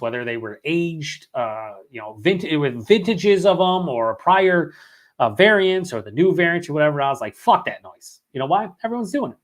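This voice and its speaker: Reading out chat comments on a long live beer vlog, a young man rambles and swears frequently in a fairly high, slightly bright voice, worn down by hours of talking.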